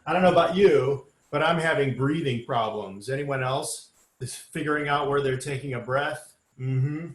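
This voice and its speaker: A man's voice: medium pitch, normal speed. A man leading a choir sectional rehearsal, talking singers through the music patiently, step by step, with many um and uh fillers. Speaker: choir director. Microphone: online rehearsal recording. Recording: echoey room with instrument music.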